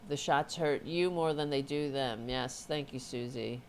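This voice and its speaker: Woman, host, casual livestream chat, rambling, low voice, creaky. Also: unhurried, a little hiss or hum. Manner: rambling, swears, talks to her cat.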